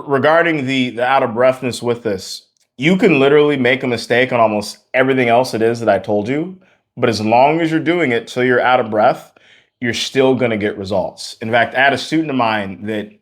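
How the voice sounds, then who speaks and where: A man teaching a singing lesson as a vocal coach, out of breath and talking with energetic, repeated emphasis. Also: medium pitch. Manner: energetic, repetitive emphasis, laughs between points.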